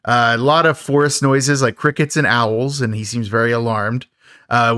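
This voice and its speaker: A man's voice: medium pitch, fairly bright tone. A man with a middle-range voice recaps a cheesy horror film in a loose podcast chat. He jokes, chuckles, and pokes fun at the props. The sound is dry and close, with no room echo. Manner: jokey, laughing often. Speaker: podcast co-host. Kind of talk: casual movie recap chat.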